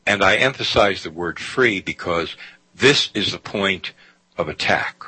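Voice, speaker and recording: A man's voice: deep voice, expressive, a little slow, pushed and bright, breathy edge, dry recording, low-quality recording. A man hosting a talk radio show, speaking emphatically and often saying "you see". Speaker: guest radio host.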